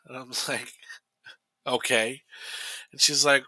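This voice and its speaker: A man's voice: mid-range voice, steady tone, slow pace, long pauses, pushed and bright, no room sound. A man in his forties chatting casually on a podcast, rambling with lots of fillers and restarts. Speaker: podcast co-host. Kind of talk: casual chat.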